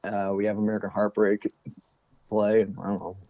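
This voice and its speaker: A man's voice: fairly low pitch, level tone, fairly quick, no echo. A man in casual podcast chat as a guest co-host and former bandmate, rambling and joking. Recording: muffled lo-fi audio.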